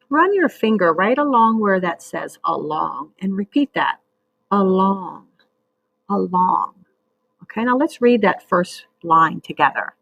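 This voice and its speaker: Patient woman teacher, husky voice. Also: medium pitch, a bit bright, no room sound, highs cut off. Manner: slow, patient, sounds out words. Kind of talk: recorded reading lesson for young children.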